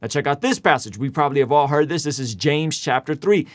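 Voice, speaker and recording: A man's voice: on the high side, quick pace, dry recording, clean studio sound. A man hosting a commentary show, explaining a news story and reading Bible passages aloud. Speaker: host.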